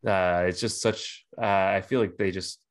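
A man's voice: sits low, steady tone, measured pace. A man co-hosting a podcast in casual chat, laid-back and hesitant with many fillers. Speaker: podcast co-host.

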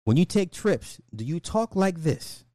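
A man's voice: fairly high pitch, big pitch swings, unhurried, warm tone, no room sound. Guy going off on a rant, cussing, says stuff twice, dry close sound. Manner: blunt, profane, repeats lines for emphasis. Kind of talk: casual commentary rant.

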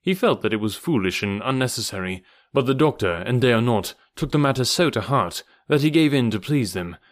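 A man narrating an adventure novel as an audiobook in a steady, measured storytelling manner. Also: medium pitch, dry recording, clean studio sound.

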